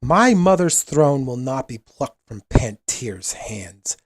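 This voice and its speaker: A man voicing a proud, defiant young prince who gives a formal, commanding speech through a loudspeaker, his voice ringing and steely. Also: medium pitch, big pitch swings, slow pace, dry recording. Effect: amplified over a loudspeaker.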